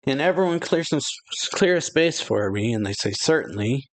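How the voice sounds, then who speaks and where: A man's voice: on the high side, expressive, moderate pace. Casual man reading a manga chapter aloud. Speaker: anime reaction channel host. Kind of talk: casual manga read-along with reactions.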